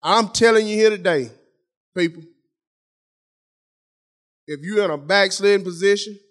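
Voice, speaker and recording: High-voiced man preaching a folksy sermon. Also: unhurried, a bit bright. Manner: folksy, conversational preaching addressing the congregation; repeats phrases for emphasis. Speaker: pastor.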